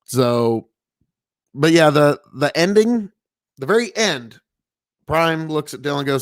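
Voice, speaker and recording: A man's voice: a little high, animated, measured pace, long pauses, dry recording, studio quality. A man from Nebraska, a farmer, talking casually and profanely on a livestream from inside an old family mill, rambling with many fillers. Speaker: farmer streaming commentary.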